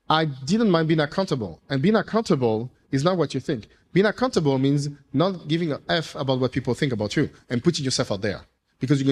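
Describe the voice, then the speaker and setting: Animated man telling rambling stories. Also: a little high. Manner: animated, rambling, with playful swearing. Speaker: entrepreneur speaking to an audience. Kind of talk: casual storytelling talk. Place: event room with audience.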